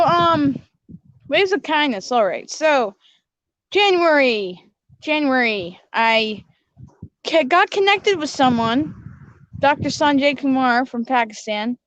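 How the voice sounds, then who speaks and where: Slow, high-voiced woman host explaining. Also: no room sound. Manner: patient, then scolding and corrective. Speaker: host presenting her kindness platform. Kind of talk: casual skit and explanation.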